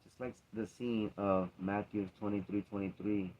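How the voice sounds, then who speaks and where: A man's voice: fairly low pitch, steady tone, normal speed. A man in a casual faith talk, speaking earnestly and emphatically, repeating himself to drive points home. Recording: dull lo-fi recording.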